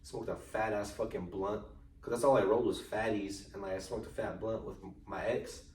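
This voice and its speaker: A man's voice: lowish voice, fairly even intonation, brisk. A young man co-hosting a podcast in casual chat, telling long rambling stories full of slang and swearing. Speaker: podcast co-host. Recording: roomy echo, far from mic, faint noise.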